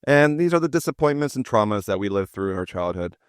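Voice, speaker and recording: Brief: male podcast host, 40s, low-pitched, dry close sound, playful storyteller. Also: sing-song, quick pace, smooth, no echo. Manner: jokey, self-deprecating, chatty. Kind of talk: casual storytelling chat.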